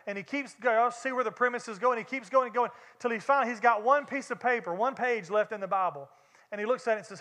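Bright high-voiced Southern preacher. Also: male voice, fast talker. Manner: conversational preaching, addresses congregation directly. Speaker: pastor. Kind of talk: sermon.

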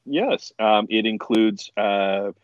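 A man's voice: on the low side, takes it slowly, no room sound, lo-fi sound. A man telling funny stories in a casual podcast chat, laughing often. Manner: animated, laughing storyteller. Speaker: podcast guest.

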